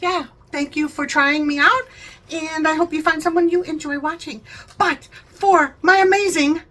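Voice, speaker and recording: A woman's voice: high voice, sharp tone, rough recording. A talkative woman hosting a home vlog, rambling chattily and laughing often. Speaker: vlogger, channel host.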